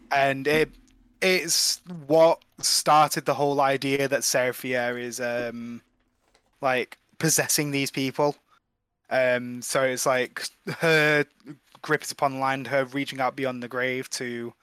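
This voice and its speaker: A man's voice: medium pitch, a bit bright, clean tone, no echo. A young man co-hosting a casual film review chat, laid-back and rambling, swearing offhand. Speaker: podcast co-host.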